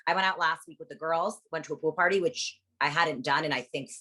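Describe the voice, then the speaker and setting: A woman's voice: low-pitched, a little fast, pushed and bright. A young woman, an interview guest, telling stories in a blunt, profane casual chat. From lives in Las Vegas.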